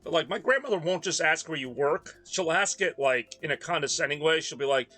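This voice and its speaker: Chatty young man, bright voice. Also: fairly high pitch, animated, brisk, few pauses, soft background music. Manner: rambling, chatty, reads chat aloud. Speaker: game streamer. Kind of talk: casual rambling chat while gaming.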